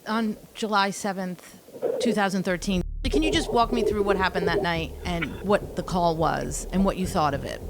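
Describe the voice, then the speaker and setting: A woman's voice: fairly low pitch, moderate pace. Woman interviewer on a noisy recording. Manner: eager, friendly questioning. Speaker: podcast host interviewer. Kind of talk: conversational interview.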